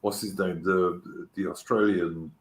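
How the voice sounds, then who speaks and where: Deep-voiced man with a light Cockney accent. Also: steady tone, measured pace. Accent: light London Cockney. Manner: enthusiastic, stammering restarts. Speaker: host. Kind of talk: casual podcast chat. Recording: roomy echo.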